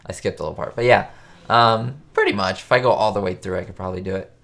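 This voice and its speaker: Chatty man hosting a live chat, a bit low. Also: quick pace, vocal fry, fairly bright tone. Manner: chatty, enthusiastic, quotes show lines in put-on voices. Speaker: host answering live chat questions. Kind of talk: casual live-stream chat. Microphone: webcam or desk mic.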